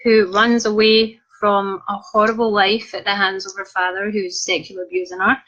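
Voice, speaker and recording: A woman's voice: medium pitch, flat delivery, normal speed, a bit bright. A young woman author chatting in a cheeky, self-mocking way as she reads out viewer comments on a live video. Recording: dull lo-fi live stream audio.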